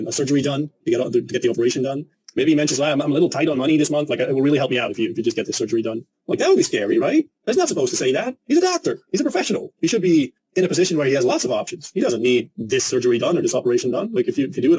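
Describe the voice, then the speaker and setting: A man teaching a sales lesson, emphatic and energetic, and he acts out the clients he quotes. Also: medium pitch, breathy edge, low-quality recording. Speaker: sales coach.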